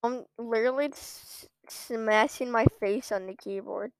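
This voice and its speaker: A woman's voice: a little high, steady tone, a little slow, clean tone, dry recording. A woman giving live commentary on her own gameplay at a computer, ranting in frequent exasperated outbursts. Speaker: gamer streaming her own play.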